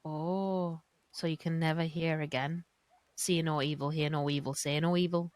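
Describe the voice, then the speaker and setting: A woman's voice: sits low, steady tone, moderate pace, darkish tone, no echo. Wry woman with a Northern English accent. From northern England. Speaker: roleplay character. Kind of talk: in-character roleplay chat.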